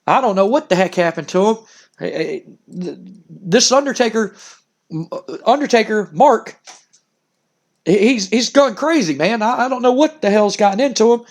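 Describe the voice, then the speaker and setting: A man's voice: high voice, animated, moderate pace. A man doing a flustered, stammering wrestler. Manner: stammering, defensive. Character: flustered male wrestler under suspicion.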